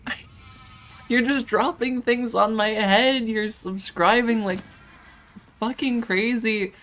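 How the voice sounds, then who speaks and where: A woman streaming a game, chatting casually on her microphone, halting and flustered, restarting often and laughing through it, emotionally overwhelmed. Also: on the high side, steady tone, a bit bright. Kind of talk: casual live-stream chat.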